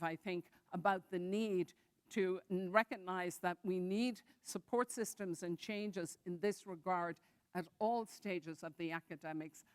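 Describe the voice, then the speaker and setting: A woman on a panel discussion, speaking in a careful, measured way with some fillers. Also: fairly low pitch, clean tone, no echo.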